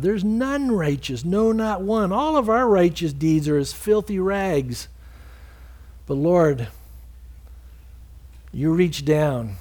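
Earnest preaching pastor, man. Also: a little mellow. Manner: earnest preaching, acts out quoted speakers with rising pitch. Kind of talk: sermon and closing prayer.

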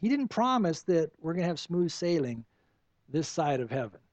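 A man's voice: on the high side, very animated, normal speed, a little mellow, no echo. A man preaching a sermon as a pastor, earnest and pleading, full of rhetorical questions.

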